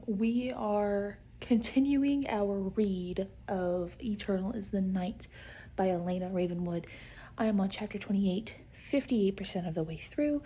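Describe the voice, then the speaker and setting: A woman's voice: mid-range voice, slight background noise. Chatty woman vlogging her reading. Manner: chatty, swears, frequent fillers, excited outbursts. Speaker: book vlogger. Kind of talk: casual reading vlog chat.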